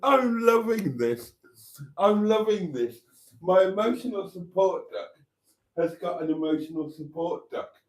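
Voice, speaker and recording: A man's voice: high-pitched, expressive, a little slow. A man hosting a live stream, chatting casually and laughing with delight while reacting to viewer messages.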